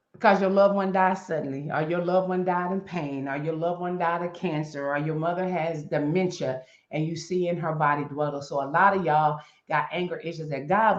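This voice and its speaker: A middle-aged woman talks about grief with blunt, preacher-like emphasis, circling back to repeat her key points. Her voice carries a roomy echo. The live-stream audio sounds a little dull. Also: lowish voice. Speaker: guest on live chat show. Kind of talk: impassioned talk on grief.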